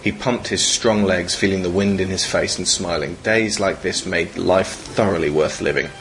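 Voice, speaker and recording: A man reading his own comic short story aloud in a dry, deadpan way on a podcast. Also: sits low, normal speed, vocal fry, slight background noise, rough recording.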